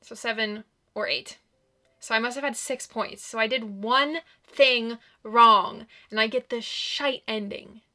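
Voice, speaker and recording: A woman's voice: fairly high pitch, steady tone, a little slow, bright, forceful tone. A woman commenting on her visual novel playthrough, exasperated and exclaiming often. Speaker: let's play gamer.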